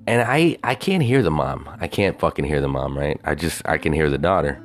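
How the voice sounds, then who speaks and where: A man's voice: a bass voice, animated, a little fast, hardly any pauses, faint music behind. A man casually telling a rambling story, full of swearing and unsure asides. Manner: profane, hesitant, self-doubting.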